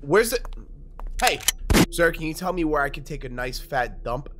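A man doing jokey let's play commentary on a horror game, excitable, cursing and shouting at scares. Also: on the high side, moderate pace, very noisy. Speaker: gameplay commentator.

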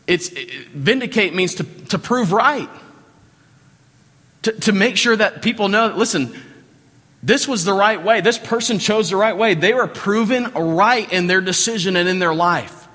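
A high-pitched, animated man preaches at a measured pace with long pauses, his tone bright and forceful. He's a pastor with a Southern American accent, speaking conversationally in a church sanctuary, repeating phrases and asking the congregation questions. There's long hall reverb.

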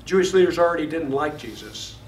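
A man's voice: fairly high pitch, expressive, brisk, slight background noise. A man from Florida teaching a Bible study lesson in a conversational way, often asking the class questions. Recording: echoey room, mic far off.

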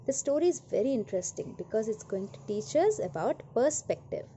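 A woman reads a children's story aloud, animated and pausing to question her listeners. Her voice is rather high and swings widely, paced very slowly, with a faint hiss behind.

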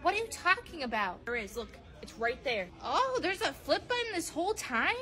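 A woman's voice: high voice, very animated, normal speed, full character voice. A woman playing a sweet, doting mom. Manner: soft, doting, calls others sweetie. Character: sweet middle-aged mother, easily puzzled. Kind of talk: comedy skit.

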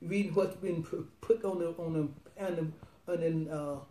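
A woman in her nineties, an evangelist, telling her testimony in a rambling, excited, laughing way. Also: fairly low pitch, moderate pace, reverberant, far from the mic. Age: 90s.

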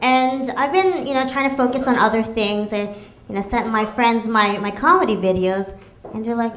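A woman from the United States performing a stand-up comedy set with playful, deadpan asides. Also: a little high, moderate pace, slight background noise. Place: comedy club stage. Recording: roomy club with audience laughter. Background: audience laughter.

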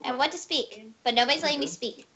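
A young woman chatting excitedly and raging while playing a game with friends on a call. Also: high voice, lo-fi sound, a crowd in the background. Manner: excitable, loud, quick to rage. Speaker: gamer host. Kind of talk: casual gaming chat on a group call.

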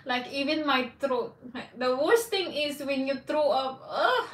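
A woman vlogger talks casually to her viewers in a rambling, candid way, breaking often into exclamations. Her voice sits a little high for a woman. She sounds set back from the mic in a roomy, echoing space. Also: a little slow, distant mic. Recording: echoey room, voice off-mic.

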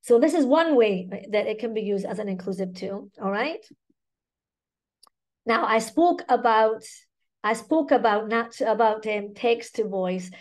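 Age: adult. Sex: woman. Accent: Scottish. Role: chatty webinar presenter, slightly high voice. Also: a little slow. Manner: chatty, keeps checking in with "okay?" and "right?". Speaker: language teacher presenting a webinar.

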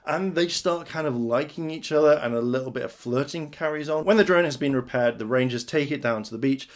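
A man's voice: on the high side, fairly quick. A man casually recapping and reviewing a TV episode, talking loosely with lots of "like" and "kind of". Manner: chatty, fills with "like" and "kind of".

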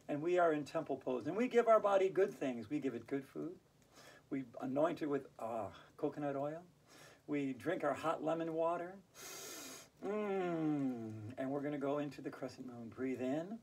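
A woman's voice: deep voice, slightly rough. Playful woman leading hula hoop yoga. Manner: playful, laughs out loud on cue; chants rhyming verses in a sing-song. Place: indoors while it snows outside. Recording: voice from a distance off the mic.

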